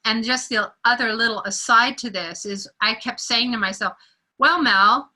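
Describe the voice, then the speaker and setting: A woman sharing a personal story in a group meeting, animated and acting out the voices of the people she quotes. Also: a little high, moderate pace, poor audio. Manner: animated storyteller who acts out quoted voices and laughs often. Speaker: meeting participant.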